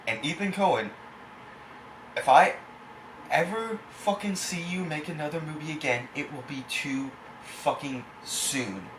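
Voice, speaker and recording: A man's voice: mid-range voice, fairly bright tone. Angry, foul-mouthed male movie reviewer. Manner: angry, profane, insulting. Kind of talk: ranting film review. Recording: echoey room, faint background hiss.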